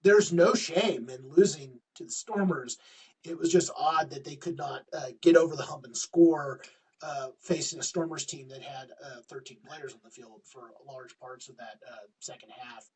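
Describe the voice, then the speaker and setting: A man with a slightly husky voice talks rugby in a loose, conversational way, leaning on fillers as he works through the weekend's matches. He sits a bit away from his microphone, so he sounds slightly distant. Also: on the high side, moderate pace, a little mellow. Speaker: podcast co-host. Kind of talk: casual sports chat.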